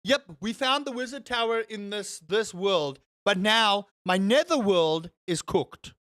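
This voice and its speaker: Young male streamer, high-pitched, animated and rambling, dry close-mic sound. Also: unhurried, dry recording. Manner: animated, rambling, exaggerated exclamations. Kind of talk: casual chat with live chat.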